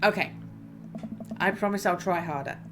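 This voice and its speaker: A woman's voice: medium pitch, moderate pace, natural voice. Woman playing a bubbly teenage daughter. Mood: eager. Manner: eager, bubbly. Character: excitable teenage girl, daughter. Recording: music playing behind.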